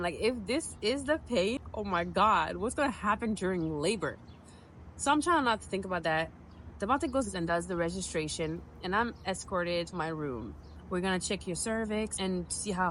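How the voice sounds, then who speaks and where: A woman's voice: lowish voice, slight background noise, low-quality recording. Chatty young woman telling a story. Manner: chatty, animated, acts out her own reactions. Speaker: vlogger telling her birth story. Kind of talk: casual storytelling to camera.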